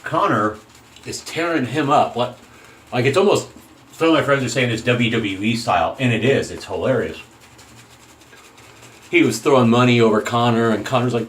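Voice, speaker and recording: A shaving-channel host with a mid-range, animated voice speaks at a moderate pace and pauses often, rambling through an opinionated casual monologue and frequently cutting himself off mid-sentence. The audio quality is poor.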